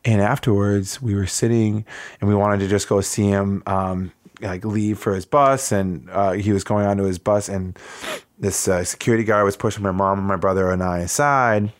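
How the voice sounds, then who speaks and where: Low-voiced reflective man from Wisconsin. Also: fairly even intonation, no echo. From Wisconsin, USA. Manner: reflective, halting, many fillers. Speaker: interview guest. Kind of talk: conversational storytelling.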